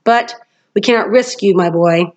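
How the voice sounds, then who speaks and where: Woman reading a booming, menacing villain general. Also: moderate pace, darkish tone, natural voice. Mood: commanding. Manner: booming, growling. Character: booming, commanding male general, stone-hard and menacing.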